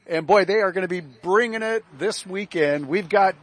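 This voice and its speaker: A man's voice: sits high, normal speed. A man hosting a live community radio broadcast from a sports bar, upbeat and enthusiastic in casual chat. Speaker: radio host on remote broadcast.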